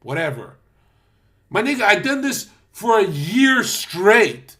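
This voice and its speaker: A young man ranting on a livestream in a high, bright voice. He tells the story in a mocking, profane way and puts on the voices of the people in it. His delivery is loose and casual, like a streamer talking to chat. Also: big pitch swings, slow. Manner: acts out the other people in his stories.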